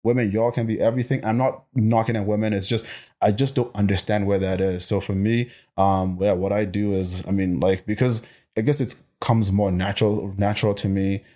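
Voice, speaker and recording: Emphatic low-voiced young man. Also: fairly quick. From Botswana. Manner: emphatic, animated, repeats words while thinking. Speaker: guest, personal trainer. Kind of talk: casual interview chat.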